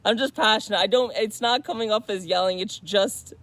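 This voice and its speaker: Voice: medium pitch, fairly quick. An intense vlogger pouring out a spiritual monologue at full volume, dropping curses and slang and circling back over the same phrases. The sound is dry and close, with no room echo behind the voice. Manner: loud, intense and profane, repeating phrases; slangy, calls the listener bro and buddy.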